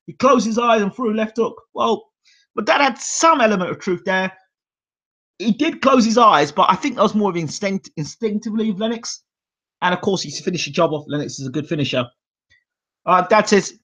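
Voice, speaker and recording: A man's voice: high-pitched, moderate pace, a bit bright. A man in his forties hosting a boxing channel, telling casual stories and acting out his dad's voice in the quoted lines. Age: 40s. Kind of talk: casual storytelling monologue. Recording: dull lo-fi sound.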